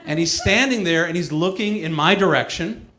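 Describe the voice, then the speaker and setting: Guy doing standup, wry self-mocking storyteller, kinda high voice, roomy echo. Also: normal speed, a crowd in the background. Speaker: stand-up comedian. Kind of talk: stand-up comedy set.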